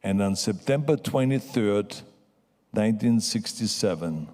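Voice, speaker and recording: In a long, reverberant hall, a man in his seventies with a foreign accent gives a motivational acceptance speech with emphasis, echoing his key phrases. His pitch is fairly low, his speed normal, and his tone a little mellow.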